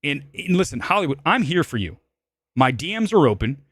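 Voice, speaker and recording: A man hosting a live-stream movie show, ranting animatedly with swearing and sudden loud, high-pitched outbursts. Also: big pitch swings, a little fast, husky, no echo, clean studio sound. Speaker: film critic and show host.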